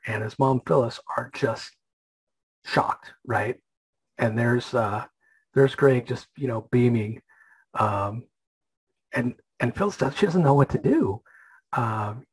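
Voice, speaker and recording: A man's voice: medium pitch, slightly rough, poor audio. A man hosting a comic book podcast, casually retelling a story with many fillers and restarts.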